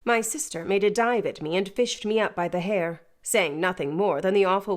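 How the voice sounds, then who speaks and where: Woman reading a classic novel, even and measured, audiobook style. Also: mid-range voice. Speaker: audiobook narrator. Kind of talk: scripted narration.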